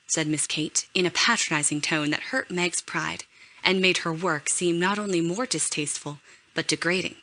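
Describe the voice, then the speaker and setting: Bright-voiced woman reading a novel. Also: on the low side. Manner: measured, expressive reading. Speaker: audiobook narrator. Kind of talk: scripted narration.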